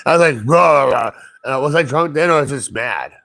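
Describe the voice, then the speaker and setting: A man in a casual chat, telling a story in a rambling, profane, animated way and acting out what other people said. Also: mid-range voice, fast. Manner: rambling, profane, animated retelling with quoted voices.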